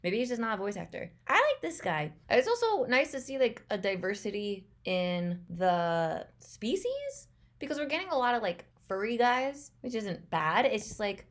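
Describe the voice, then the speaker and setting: A woman's voice: on the high side, big pitch swings, moderate pace. A young woman chatting casually as she reacts to a movie trailer, rambling and laughing often.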